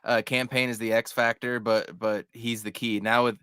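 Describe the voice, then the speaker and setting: A man giving sports analysis on a podcast in casual chat, blunt and animated, swearing casually. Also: mid-range voice, moderate pace, clean tone, no echo, clean studio sound.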